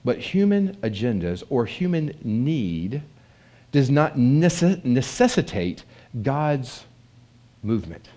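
A man preaches slowly in a medium-pitched voice. The sermon feels animated and conversational, and he often poses questions to those listening.

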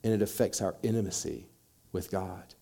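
A man's voice: sits low, normal speed, vocal fry, mellow, slightly rough. A man preaching a sermon, acting out quoted voices and building in intensity as he makes his points. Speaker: pastor.

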